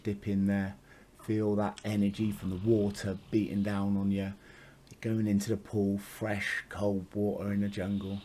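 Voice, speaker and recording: A man's voice: fairly low pitch, warm tone, slight background noise. A man telling a spiritual story in a casual, meandering monologue, swearing freely and chuckling often.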